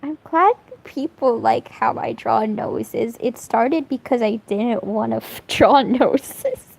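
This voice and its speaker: Young woman streamer, casual chatty rambler with a little vocal fry, slow delivery. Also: on the high side, low-quality recording. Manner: rambling, animated, swears a lot, laughs often. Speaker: streamer drawing fan art. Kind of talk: casual chat while drawing.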